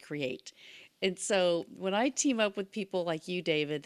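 Female co-host, low-pitched voice, upbeat and rambling, eager casual chat. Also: clean tone.

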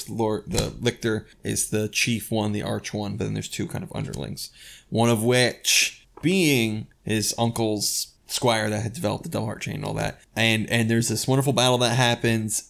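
Gravelly guy rambling about a book on a podcast, kinda low, gets excited. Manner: rambling and enthusiastic, with many restarts. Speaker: podcast co-host reviewing a book. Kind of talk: casual discussion.

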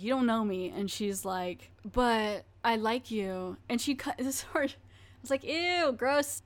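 A woman hosting a podcast, recapping a horror episode in an animated, chatty way, laughing and acting out the characters' lines. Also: on the high side. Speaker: podcast host.

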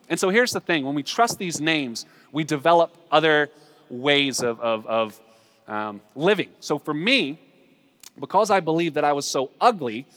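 A man preaching a sermon, swinging between loud emphatic lines and hushed asides. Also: a little high, long reverb tail. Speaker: pastor.

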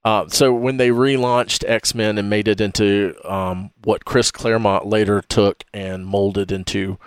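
A man's voice: on the low side, steady tone, clear, resonant tone, no echo, studio quality. A man hosting a casual podcast, rambling and stumbling over names as he talks. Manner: rambling, halting, fumbles names. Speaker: podcast host.

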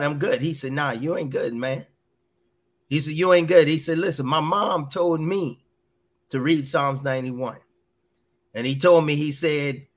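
A middle-aged man with a slightly high, somewhat bright voice gives an earnest personal testimony as a podcast guest. He often repeats his phrases and quotes voices in dialogue.

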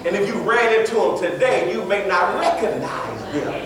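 Animated high-voiced pastor preaching in an echoing church. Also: male voice, moderate pace, crowd noise. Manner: animated preaching with laughs and emphatic quotes. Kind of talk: sermon. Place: church hall. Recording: roomy church sound from a distance with congregation. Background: congregation responding.

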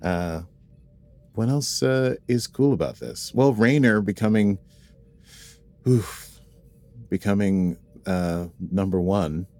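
A man's voice: lowish voice, slow pace, long pauses, darkish tone, no room sound, soft background music. A man co-hosting a podcast, chatting casually about a TV episode in a playful, rambling way, full of asides and self-corrections. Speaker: podcast co-host.

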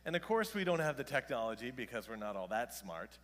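A man in his thirties preaching a sermon as pastor, animated and self-deprecating, joking with the congregation. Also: mid-range voice, brisk. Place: church sanctuary. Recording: long reverb of a church hall.

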